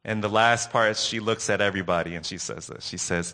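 A man preaching a sermon recap, earnest and telling a story with dramatic pauses. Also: fairly low pitch, sharp tone.

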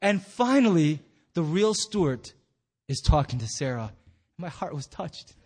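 A man's voice: fairly high pitch, very animated, unhurried, darkish tone, husky. A man preaching as a pastor in a church hall, telling a story with playful acted-out quotes. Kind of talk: sermon.

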